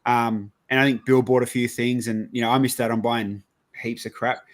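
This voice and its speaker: At normal speed and medium pitch, an Australian-accented podcast host rambles through a casual story. He's animated, voices other people's dialogue, and swears loosely along the way.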